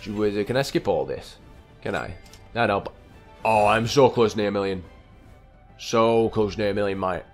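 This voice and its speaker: A young man giving rambling, excitable commentary while playing a video game and talking to the characters on screen. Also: fairly low pitch, moderate pace, long pauses, soft background music. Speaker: gameplay commentator. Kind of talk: casual let's-play commentary.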